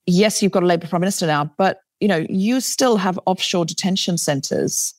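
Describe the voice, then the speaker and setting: A woman's voice: lowish voice, normal speed, dry recording. Chatty British-accented woman, dry sound. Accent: British with a faint Australian trace. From Australia. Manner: animated, self-deprecating, chatty. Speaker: comedian and podcast host, guest. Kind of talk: casual interview talk.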